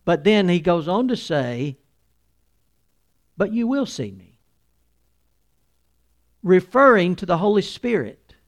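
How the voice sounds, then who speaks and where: A man's voice: high voice, big pitch swings, takes it slowly, long pauses. A male pastor preaching a sermon, reading scripture aloud and explaining it with earnest restarts.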